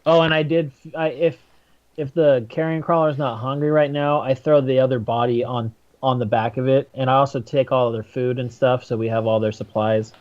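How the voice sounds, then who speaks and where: A man's voice: medium pitch, steady tone, brisk, a little mellow. Hesitant man on a lo-fi mic. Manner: hesitant, thinking aloud. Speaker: player. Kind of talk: in-character tabletop play.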